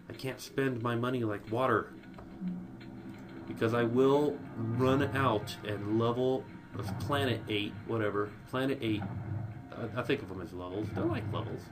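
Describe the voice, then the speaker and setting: An excitable man chatting through a strategy game as he plays, his mid-pitched voice leaping up in panic. Clear game music plays behind him the whole time. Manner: excitable, voice jumps high when panicking; talks directly to viewers. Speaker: let's play commentator. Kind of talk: casual gameplay commentary.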